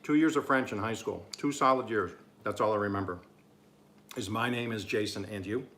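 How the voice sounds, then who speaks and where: A man's voice: on the low side, normal speed, fairly bright tone. Chatty Oklahoma man vlogging his cooking. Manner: chatty, rambling, self-amused. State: talking with mouth full at times. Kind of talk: casual cooking vlog.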